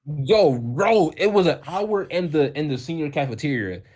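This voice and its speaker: A young man co-hosting a podcast, telling a story in a casual, animated way, acting out the people in it with lots of slang and swearing. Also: a little high, moderate pace. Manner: animated, acts out quoted voices, heavy profanity and slang. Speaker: podcast co-host.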